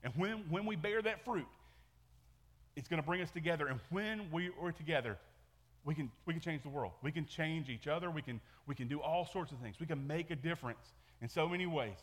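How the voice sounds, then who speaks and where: Male pastor, casual sermon delivery with lots of restarts, slightly high voice, echoey church hall. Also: a little fast. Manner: conversational, repeats words and restarts often. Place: church sanctuary.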